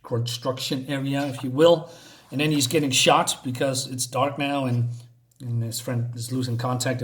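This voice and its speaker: A man giving a casual spoken comic book review, rambling and hesitant, with many fillers. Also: medium pitch.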